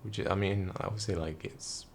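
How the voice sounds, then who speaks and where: Young male vlogger, quiet and tired, deep gravelly delivery. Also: steady tone, moderate pace, a little hiss or hum. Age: young adult. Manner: hushed, quiet, rambling talk. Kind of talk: casual storytelling vlog. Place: room indoors at night.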